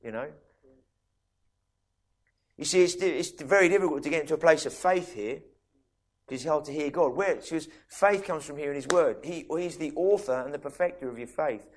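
A man preaching a sermon in a conversational way, restarting sentences and asking listeners questions. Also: a little high. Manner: conversational, with many quick restarts and asides to listeners.

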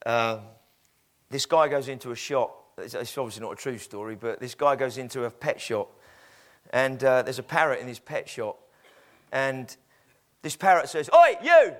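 A man's voice: medium pitch, normal speed. A man preaching a sermon in a conversational, storytelling way with frequent fillers.

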